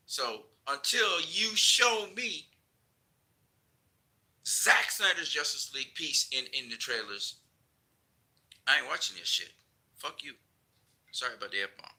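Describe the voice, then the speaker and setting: A man's voice: mid-range voice, sharp tone, low-quality recording. A man ranting in a casual video commentary, heated and emphatic, repeating his points. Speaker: vlogger.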